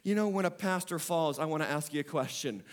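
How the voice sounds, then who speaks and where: High-voiced male preacher, dramatic swings. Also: a little fast. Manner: preaching with big swings in pitch and loudness, repeating phrases for emphasis. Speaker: pastor. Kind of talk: sermon.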